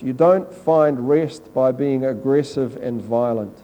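A man's voice: medium pitch, takes it slowly, few pauses, dark tone, poor audio. Earnest man preaching a sermon. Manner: conversational, earnest, quoting scripture. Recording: faint mains hum.

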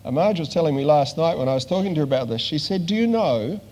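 A man's voice: a little high, lively intonation, fast, a little mellow. Older man preaching in a reverberant hall. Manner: conversational, with dry humor and many fillers. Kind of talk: sermon.

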